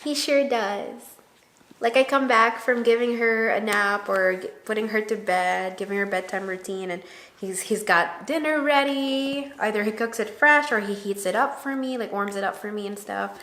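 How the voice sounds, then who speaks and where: A woman's voice: mid-range voice, normal speed. A woman, a new mother, chatting casually to camera with her husband and acting out remembered conversations. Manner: animated storyteller who acts out quoted dialogue. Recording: roomy echo.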